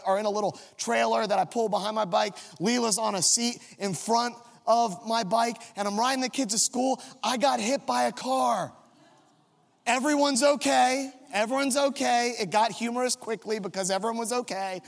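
A high-voiced male pastor with a gravelly edge tells a self-mocking family story from the pulpit. His sermon carries a long reverb from a big hall.

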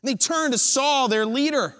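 A man preaching a sermon, retelling a story with dramatic build-up and pauses. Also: very high voice, fairly bright tone, big-room sound.

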